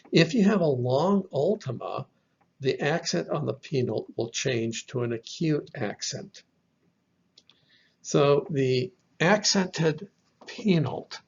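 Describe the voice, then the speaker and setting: A man's voice: medium pitch, gravelly, a little mellow, breathy edge. A man teaching a recorded language lesson, explaining step by step and repeating each example word. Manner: slow, deliberate explaining with repeated example words. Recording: dull lo-fi recording.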